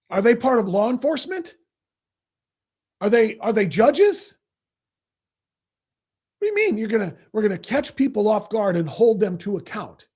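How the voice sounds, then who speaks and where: Angry husky-voiced male talk host. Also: high voice, big pitch swings, normal speed, long pauses, a little mellow. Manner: angry, combative, sarcastic. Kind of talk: political commentary rant.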